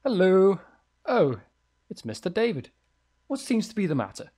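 A man voicing a chatty, forgetful old landlady in a high, lilting put-on voice. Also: wildly swooping pitch, normal speed, mellow, a little hiss or hum. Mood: friendly.

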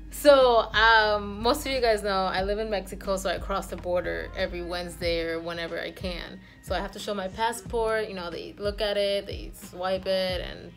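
Chatty young woman vlogging, rambling. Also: medium pitch. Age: 20s. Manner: rambling, chatty, laughs easily. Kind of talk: casual vlog chat.

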